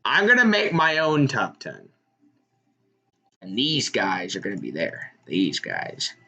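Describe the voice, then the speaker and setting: A young man giving live reaction commentary on a college football game, excitable and shouting at big plays. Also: on the low side, slow, highs cut off. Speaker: sports streamer.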